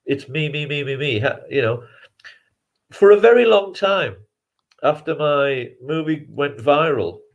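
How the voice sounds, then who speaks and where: Bloke, slightly high voice, chatty, laughs a lot, keeps restarting sentences. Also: male voice, expressive, unhurried, dull audio. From England. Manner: reflective, rambling, chuckles often, many restarts. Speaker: documentary filmmaker guest. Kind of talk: conversational interview answers.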